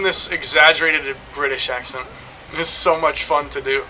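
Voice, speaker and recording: A man's voice: on the high side, steady tone, moderate pace, sharp tone, slight background noise, rough recording. A young man streaming a game, rambling and joking in casual commentary, swearing now and then.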